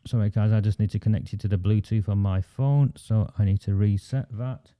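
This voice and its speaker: Dark-voiced impassioned Northern English man. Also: on the low side, a little fast. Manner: emphatic, repetitive, indignant. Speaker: live stream host. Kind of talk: impassioned livestream monologue.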